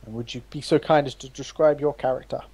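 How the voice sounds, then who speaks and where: A man runs a tabletop game as game master, speaking at a middling pitch. He narrates in a halting way, with many pauses and restarts. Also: fairly even intonation, warm tone, husky, no echo.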